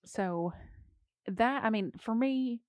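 A woman's voice: on the high side, slow, a little mellow, no room sound. A young woman co-hosting a casual gossip chat, chatty and hedging, often trailing off mid-sentence. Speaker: podcast co-host.

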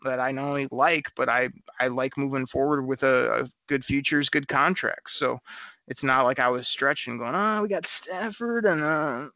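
A man hosting a casual sports talk show, talking in a rambling, animated way and laughing often. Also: mid-range voice, normal speed, creaky, dry recording. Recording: dry, slightly dull audio.

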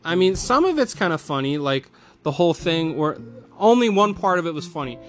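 A man's voice: fairly high pitch, big pitch swings, a little fast, fairly bright tone, soft background music. A man ranting angrily about a movie, swearing often and mocking the studio with put-on quotes. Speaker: film reviewer.

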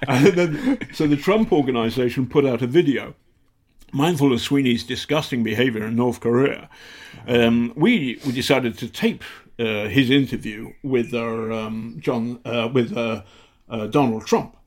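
British man, journalist, interview guest, halting delivery with fillers, acts out quotes. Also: medium pitch, darkish tone. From Britain. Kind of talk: casual interview storytelling.

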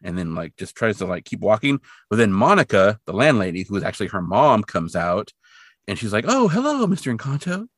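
A man's voice: lowish voice, lively intonation, brisk, fairly bright tone, no echo, studio quality. A man co-hosting a podcast, recapping an episode in casual, rambling chat and briefly putting on voices for the characters. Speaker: podcast co-host.

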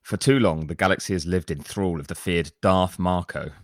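A man's voice: low-pitched, normal speed, no echo, clean studio sound. A man co-hosting a podcast in casual chat, teasing and reading listener reviews aloud. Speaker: podcast co-host.

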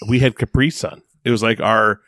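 A man's voice: lowish voice, steady tone, normal speed, bright, forceful tone, no room sound, clean studio sound. A young man co-hosting a podcast in casual, goofy chat, musing and laughing easily. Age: young adult. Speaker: podcast co-host.

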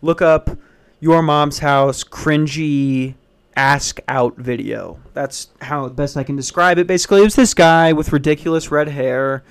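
A man's voice: fairly high pitch, measured pace, clean tone. A man hosting a solo podcast, talking in a blunt, profane, self-deprecating casual rant. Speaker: podcast host.

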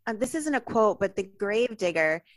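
A woman's voice: mid-range voice, expressive, fairly quick, no echo. A woman co-hosting a casual movie review podcast, amused and asking questions between laughs. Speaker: podcast co-host.

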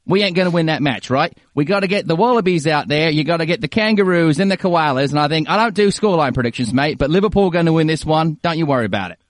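A man's voice: fairly high pitch, expressive, quick pace, hardly any pauses, no room sound, natural voice. A man putting on a cheeky mock Aussie bloke. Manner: jokey, swaggering put-on accent.

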